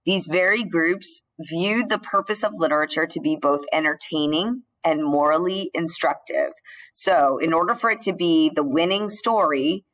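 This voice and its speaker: A woman teacher giving a recorded slide lecture, explaining in a measured way with the odd filler and restart. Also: fairly low pitch, fairly bright tone, rough recording.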